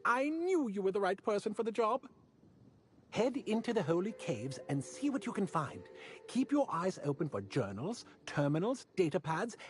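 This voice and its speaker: An actor playing a fussy, pompous corporate auditor who hands out jobs in a video game, speaking in a formal, self-important way. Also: male voice, high voice. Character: fussy male corporate auditor quest-giver.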